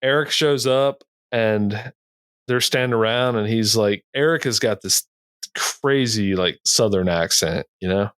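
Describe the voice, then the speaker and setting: Laid-back low-voiced man spinning a yarn. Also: a little slow, fairly bright tone, clear, resonant tone, dry recording. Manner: rambling, laid-back, laughs at his own stories. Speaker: podcast cohost and falconer. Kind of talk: casual storytelling chat.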